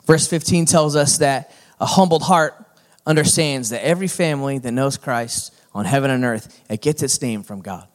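A man's voice: mid-range voice, normal speed. A middle-aged male pastor preaching a sermon in a folksy, conversational manner that builds to emphatic points.

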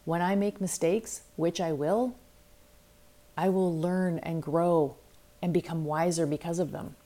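Middle-aged woman, low voice, life coach hosting a candid, reflective solo podcast. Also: steady tone, unhurried, dark tone. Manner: candid, reflective, acts out her own inner voices. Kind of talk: solo self-help podcast talk.

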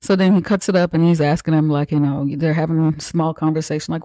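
A podcast host giving a casual, profane, joking recap of a movie, acting out characters' lines in quick asides. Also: medium pitch, little pitch movement, dark tone, no room sound.

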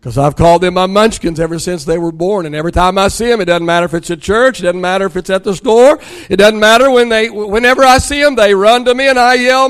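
A man's voice: high-pitched, quick pace, few pauses, clean tone. An older man, a pastor preaching a sermon and telling family stories with acted-out dialogue. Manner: storytelling, acts out dialogue with rising excitement.

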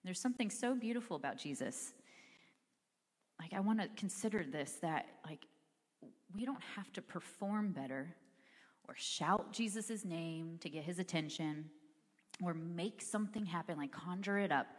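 A woman's voice: lowish voice, lively intonation, normal speed, long reverb tail. A woman preaching a sermon in a church, speaking in a conversational, earnest way with casual fillers. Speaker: pastor. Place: church sanctuary.

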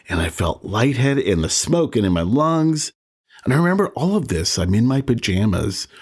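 A man's voice: mid-range voice, darkish tone, husky. A man in his sixties hosting a podcast, telling a personal story in a candid, self-deprecating way and chuckling as he remembers. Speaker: podcast host.

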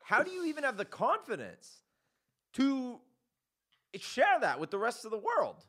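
A man hosting a casual comedy podcast, telling animated stories and acting out the people in them. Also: extremely high pitch, a little slow. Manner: animated storytelling, acts out quotes. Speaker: podcast host.

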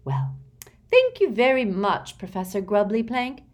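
A woman voicing a prim, sugary middle-aged woman inspector who talks in a high, sweetly menacing way. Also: big pitch swings, measured pace. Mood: sugary menace.

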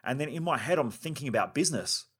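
A man's voice: mid-range voice, expressive, fast talker, a bit bright, breathy edge. A man hosting a self-help podcast, delivering a blunt, driven, emphatic monologue with casual swearing. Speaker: podcast host.

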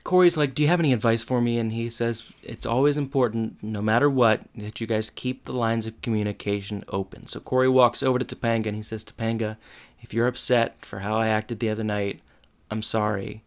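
A mid-pitched speaker recaps a sitcom episode in casual chat. They narrate each scene with quoted dialogue and lots of "like.". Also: steady tone, brisk.

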